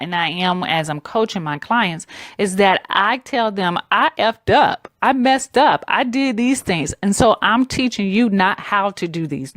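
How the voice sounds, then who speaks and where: A woman's voice: fairly low pitch, no echo, studio quality. A woman in her forties with a Southern US accent, talking conversationally and emphatically as a branding coach on her podcast. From Southern United States. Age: 40s. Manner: conversational and emphatic, addresses listeners as "guys". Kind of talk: casual solo podcast talk.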